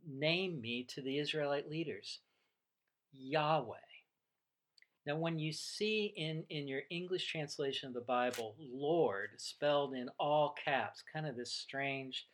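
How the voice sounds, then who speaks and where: A man preaching a sermon, teaching in an unhurried, reflective way and voicing the dialogue of the story he retells. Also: on the high side, fairly bright tone. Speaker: pastor.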